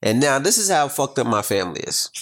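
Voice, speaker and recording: Playful teasing man, lively pitch. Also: a little fast. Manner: teasing, playful, acts out voices in stories. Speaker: podcast co-host; father. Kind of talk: casual chat, storytelling.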